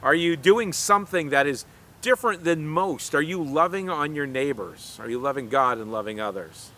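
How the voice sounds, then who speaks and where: Earnest bright-voiced man, youth devotional. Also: fairly high pitch, lively intonation, normal speed. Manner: earnest, conversational, with frequent restarts. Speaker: youth pastor. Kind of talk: casual youth devotional talk.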